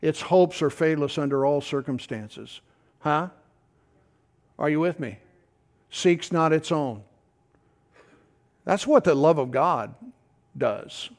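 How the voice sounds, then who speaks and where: A middle-aged man preaching a sermon in a folksy, animated way, tossing out asides to the congregation. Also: on the high side, takes it slowly, pauses often. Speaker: pastor.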